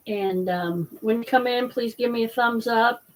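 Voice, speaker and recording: A woman's voice: fairly high pitch, moderate pace, recorded from a distance, poor audio. A woman hosting a casual live stream, chatting in a rambling, apologetic way while eating dinner. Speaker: host.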